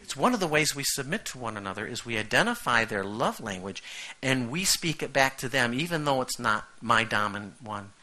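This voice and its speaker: A middle-aged man preaches to his congregation in a relaxed, conversational way and keeps checking in with the room. His voice is bright and his pitch moves around a lot. It sounds like a pastor talking to his own church. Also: brisk. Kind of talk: sermon.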